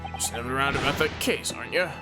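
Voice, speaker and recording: A man voicing a gruff, hostile Scottish prison governor who threatens his visitors. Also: mid-range voice, fast, loud music behind the voice, natural voice. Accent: put-on Scottish.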